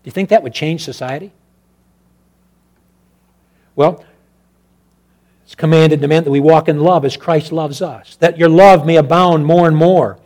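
A fairly high-pitched male preacher delivers his sermon in a rhythmic, repetitive cadence. He drops into hushed, low asides, then climbs back up to loud, ringing exhortation. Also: fairly even intonation, a little slow, long pauses. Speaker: pastor.

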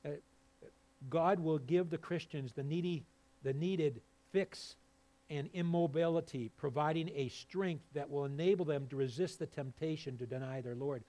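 A male pastor preaching a sermon, swinging between low, quiet passages and loud, fervent peaks. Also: moderate pace.

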